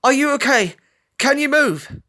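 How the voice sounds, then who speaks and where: A man voicing a young female fox, brave and desperate, in a read-aloud fan story, with high pleading cries. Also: drawn-out words, a bit bright, full character voice. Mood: worried.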